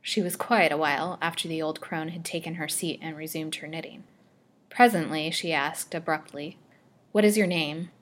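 A woman storyteller narrating an old serial novel chapter in a steady, measured reading. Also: sits low.

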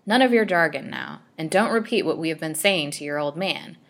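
A woman's voice: sits low, lively intonation, brisk. A woman reading aloud voices a stern, commanding middle-aged male doctor in a storybook. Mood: threatening. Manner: harsh threatening tone toward the old woman.

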